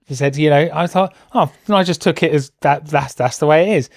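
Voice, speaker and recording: British man, podcast guest, slightly high voice, wry and self-deprecating, dry close sound. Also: fairly quick, creaky, no room sound. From Britain. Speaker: guest, host's husband. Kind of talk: casual conversation.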